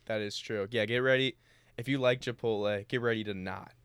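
A young college guy with a smooth, clean voice and a lowish pitch, talking loosely and swearing freely. He tells stories in a lively way and plays out the dialogue as he goes. The sound is close and dry. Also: a little fast, dry recording. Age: young adult. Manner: animated storytelling, acting out dialogue, swears freely. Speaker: podcast co-host, college student. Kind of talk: casual chat.

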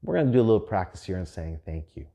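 A man's voice: deep voice, sing-song, racing, creaky, dark tone. A young adult man hosting a podcast, telling a profane story in a loose, laughing way. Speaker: podcast host. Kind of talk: casual storytelling monologue.

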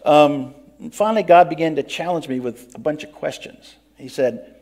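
A man's voice: fairly high pitch, moderate pace, a little mellow, close to an everyday voice. An actor playing a grumpy biblical prophet who complains a lot, telling his own story in first person in an interview, plain-spoken and earnest. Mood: storytelling. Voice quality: earnest, plain-spoken, breaks into pleading outbursts. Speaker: interviewee in character.

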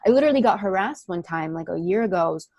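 A young woman from Miami, an actress, telling personal stories in a candid interview, animated and full of fillers. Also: mid-range voice, racing, no room sound. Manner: animated storytelling, many fillers, acts out quoted voices. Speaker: actress guest.

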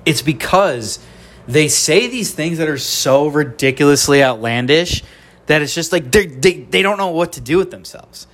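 A man's voice: fairly high pitch, animated, moderate pace, a bit bright. Young male podcast host, nasal, blunt and profane, ranting about sports.

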